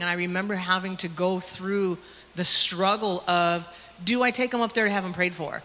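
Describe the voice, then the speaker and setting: A young woman sharing a personal testimony in a Sunday school class, halting and emotional, with many fillers. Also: on the low side, steady tone, pushed and bright. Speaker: church member sharing a testimony. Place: church classroom. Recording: long hall reverb with faint noise.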